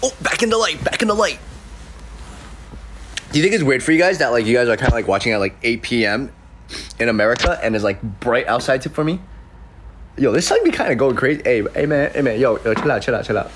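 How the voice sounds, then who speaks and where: Young male streamer, sniffly from a cold, playful and lively, jumping up and down in pitch while reading chat. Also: fast talker, a little hiss or hum. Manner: playful, jokey, reacting to comments. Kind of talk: casual livestream chat. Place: his room in an apartment. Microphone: desk mic.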